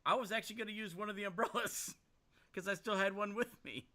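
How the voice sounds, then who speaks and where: A man playing a character in a tabletop game, animated and quick to laugh. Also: sits high, echoey room, over a noisy crowd. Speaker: player. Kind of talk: casual tabletop role-play.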